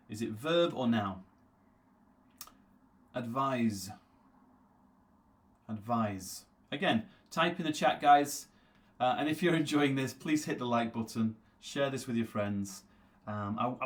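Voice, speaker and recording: A man teaching a live interactive English lesson. He repeats words slowly to drill their pronunciation and answers viewers' chat comments by name. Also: mid-range voice. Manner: reads viewer names aloud from the chat and answers them.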